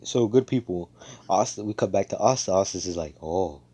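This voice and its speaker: A man's voice: on the low side, brisk, mellow, breathy edge. A young man casually retelling a fan story, slangy and profane, with many fillers.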